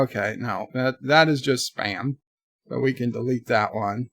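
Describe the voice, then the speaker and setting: Gravelly, rambling male streamer. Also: medium pitch, measured pace, fairly bright tone, no echo, studio quality. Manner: rambling, jokey, reads viewer letters aloud. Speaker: streamer answering viewer questions. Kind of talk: casual live-stream chat.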